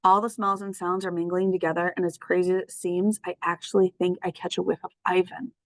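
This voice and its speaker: A woman narrating a storybook in a lively, expressive way. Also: fairly low pitch, fairly quick, no echo, rough recording. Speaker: audiobook reader.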